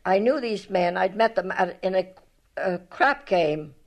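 A woman's voice: medium pitch, a little slow, poor audio. Older Irish woman reminiscing. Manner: rambling, lively, retells past talk with many restarts. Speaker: storyteller recalling her life. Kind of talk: spoken memoir, reminiscing.

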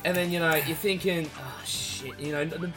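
A young Australian man co-hosting a podcast, telling a story in an excitable, sweary way. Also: a little high, moderate pace, music in the background. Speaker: podcast co-host. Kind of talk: casual chat.

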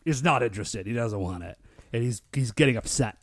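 A male podcast co-host in a casual recap chat, excitable and full of "like" fillers. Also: medium pitch, brisk, no echo, clean studio sound. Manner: excitable, filler-heavy with lots of "like".

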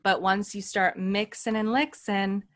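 A woman co-hosting a podcast, telling anecdotes in an animated, unhurried way in casual chat. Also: medium pitch, no echo, clean studio sound. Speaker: podcast co-host. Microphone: studio microphone.

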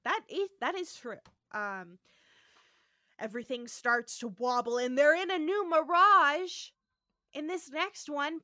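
A woman co-hosting a podcast who tells the story in an animated way and acts out the scenes. Her voice is bright and fairly high, and the sound is close and dry. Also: no echo. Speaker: podcast co-host. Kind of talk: casual recap chat.

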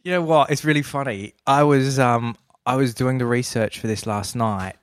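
A man's voice: medium pitch, steady tone, normal speed, smooth. A man from Australia co-hosting a comedy podcast, riffing playfully in casual chat. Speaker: podcast co-host.

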